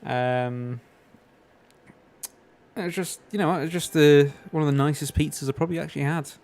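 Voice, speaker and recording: A man's voice: fairly high pitch, steady tone, moderate pace, creaky, a little mellow. Rambling English man chatting while gaming. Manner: rambling, anecdotal, many fillers. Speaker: streamer. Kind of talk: casual chat while gaming.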